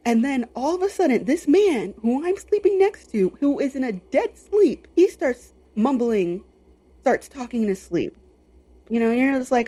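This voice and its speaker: A young adult woman co-hosting a podcast, telling a personal story in a casual, animated way. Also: high-pitched, normal speed, husky. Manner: animated, lots of fillers and quoted inner voice. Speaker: podcast co-host.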